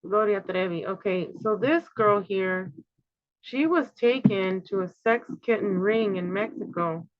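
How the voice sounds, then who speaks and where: A woman's voice: medium pitch, unhurried, no echo. Woman, 50s, channel host, loose conspiratorial ramble on a muffled dry home mic. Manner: rambling, conspiratorial, with filler words. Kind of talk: casual monologue. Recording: slightly dull, dry home recording.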